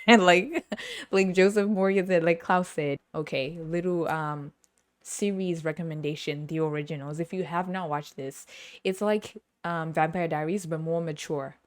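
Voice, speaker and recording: A young woman talks straight to the camera in a relaxed, rambling monologue, with a voice that sits on the low side for a woman. She laughs a lot and slips into quick impressions of the people in her stories. The sound is close and dry, with almost no room around it. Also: dry recording. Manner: chatty and animated, laughs often, acts out other people's voices. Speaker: podcast host. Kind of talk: casual storytelling monologue. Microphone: camera on the speaker.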